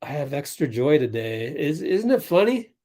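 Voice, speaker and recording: A young man hosting a casual sports livestream, thinking aloud and calling plays in quick bursts while chatting with viewers. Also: on the high side, sing-song, mellow. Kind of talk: casual live game commentary and chat.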